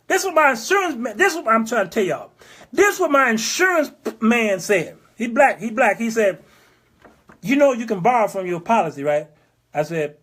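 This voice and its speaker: A man in his fifties with a fairly high voice hosts his own talk show. He lectures his listeners, hammers his points home by repeating them, and slips into the voices of the people in his stories. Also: very animated, a little fast, fairly bright tone, husky. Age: 50s. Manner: emphatic, repeats phrases, acts out quoted people. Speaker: show host. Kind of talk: preachy monologue.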